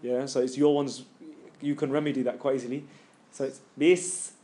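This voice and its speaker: A man's voice: mid-range voice, level tone, fairly quick, dark tone. A middle-aged man, casually coaching students on recitation in a class and demonstrating the sounds himself. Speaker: Quran recitation teacher. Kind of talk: live tajweed class coaching.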